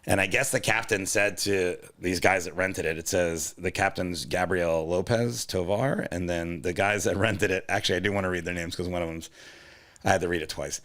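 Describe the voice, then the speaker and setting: Guy with a lowish voice, rambling through a story on a comedy podcast, swears a lot. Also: normal speed, fairly bright tone. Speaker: podcast co-host. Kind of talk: casual comedy podcast chat.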